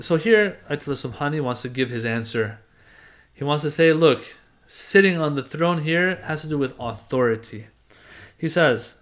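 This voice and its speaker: Man teaching doctrine, pitch a bit high. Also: fairly bright tone. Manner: conversational, reads passages aloud then unpacks them with everyday examples. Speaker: religious teacher. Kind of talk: explaining a doctrine text to a class.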